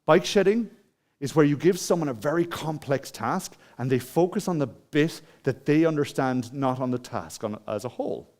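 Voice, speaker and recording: A man's voice: fairly high pitch, lively intonation, moderate pace, a little mellow. A man with an Irish accent giving a conversational conference talk, asking the audience questions and telling a personal story. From Ireland. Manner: conversational, asks the audience questions, many restarts. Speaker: conference speaker. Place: conference hall.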